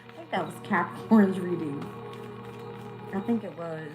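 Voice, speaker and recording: A woman's voice: fairly low pitch, normal speed, over music, poor audio. A woman giving a casual live-stream tarot reading, talking bluntly and swearing freely. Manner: blunt, profane, candid. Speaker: tarot reader.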